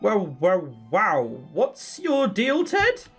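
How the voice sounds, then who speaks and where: A man's voice: high voice, wildly swooping pitch, extremely slow, fairly bright tone, slightly rough, faint music behind, voice pushed up, heavily acted. A young man voicing a cheerful, playful young woman shop assistant in a bubbly, teasing voice. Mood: puzzled. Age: 20s.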